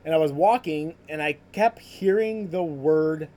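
Slightly high-voiced man telling his story. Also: normal speed, warm tone. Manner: conversational, full of "like" and "you know" fillers. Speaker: podcast host sharing his ministry story. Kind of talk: casual personal testimony storytelling.

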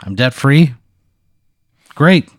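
Excitable, foul-mouthed man. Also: mid-range voice, no echo, clean studio sound. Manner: profane, excitable, quick to protest. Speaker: co-host answering a hypothetical. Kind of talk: improvised comedy banter.

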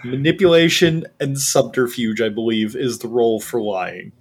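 A man narrating and running a tabletop role-playing game in a relaxed, easily amused way. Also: mid-range voice, moderate pace, slightly rough, faint music behind. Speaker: game master.

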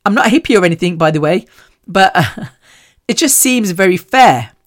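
A woman hosts her own podcast in a loose, conversational way. She tells animated stories and laughs often. Her voice sits at a middling pitch. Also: normal speed. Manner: chatty, animated storytelling. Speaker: podcast host. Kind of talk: casual chat.

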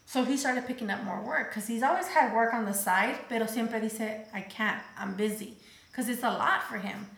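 Woman storyteller, gravelly edge, casual and expressive, switches languages freely, roomy sound. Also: a little high, normal speed. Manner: switches between English and Spanish mid-sentence; acts out quoted voices, turns emotional.

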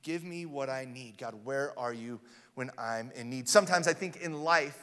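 A man's voice: medium pitch, normal speed, pushed and bright, smooth. A man in his thirties preaching a sermon as pastor, in a loose, joking storytelling way with plenty of fillers, recorded in a church hall. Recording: long hall reverb.

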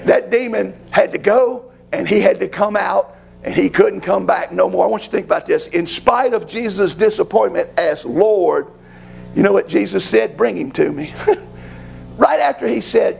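A man's voice: sits high, moderate pace, creaky, slight background noise, poor audio. A man preaching a sermon as pastor, rising to fervent pleading.

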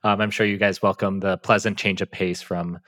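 A man hosting a podcast, giving a fairly even, analytical film commentary with some fillers. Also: low-pitched, fairly quick. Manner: self-described monotone, analytical with fillers. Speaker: podcast host.

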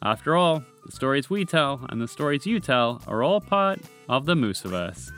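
A man narrating a children's storybook tale as the podcast host, in a gentle, measured reading voice. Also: mid-range voice, very animated, soft background music.

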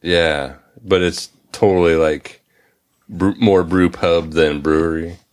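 Male podcast co-host, very deep voice, slow dry wit. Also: fairly even intonation, smooth. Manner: dry, unhurried quips. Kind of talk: casual chat.

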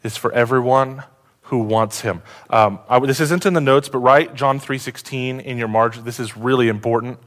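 Animated male pastor preaching a sermon. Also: mid-range voice, moderate pace. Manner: animated, asks the congregation questions, swings from loud to hushed.

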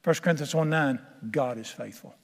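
A man's voice: medium pitch, normal speed, long reverb tail. A man preaching a sermon to a congregation in a church, folksy, humorous and conversational. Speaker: pastor.

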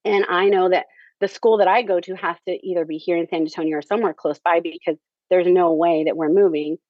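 Speaking with a fairly low pitch, this woman is a theater director being interviewed, and she recounts her story conversationally, peppered with "um" and "you know." There's no room sound; the audio is dry, dull, and lo-fi.

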